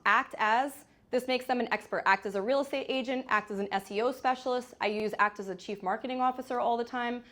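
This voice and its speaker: Energetic chatty woman presenting live. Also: a little high. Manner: energetic, chatty, demonstrating as she goes. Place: large room with hundreds of agents.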